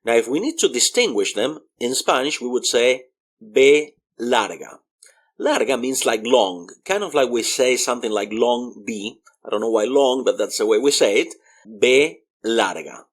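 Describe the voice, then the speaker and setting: A man teaching a video language lesson, sounding out each letter slowly and repeating the example words. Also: mid-range voice, expressive. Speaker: Spanish teacher.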